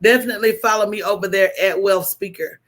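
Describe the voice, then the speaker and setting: A woman hosting a casual livestream, telling stories in an animated, preachy way with call-and-response asides to her viewers. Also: mid-range voice, quick pace. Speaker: host.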